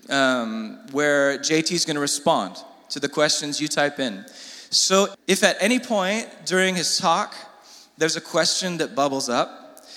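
A man's voice: a little high, pushed and bright. Casual man announcing in a church hall. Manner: casual, filler-heavy. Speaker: church host introducing speaker. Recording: hall reverb with audience.

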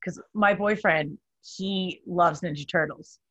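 A woman hosting a casual chat, upbeat and quick to laugh. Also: on the low side, fairly bright tone, slightly rough, no room sound, lo-fi sound. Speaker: host.

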